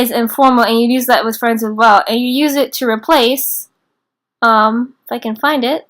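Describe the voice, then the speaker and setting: A young woman teaching a casual beginner class in an informal, chatty way, slowing down to repeat phrases. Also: on the high side, fairly bright tone. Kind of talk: casual online lesson.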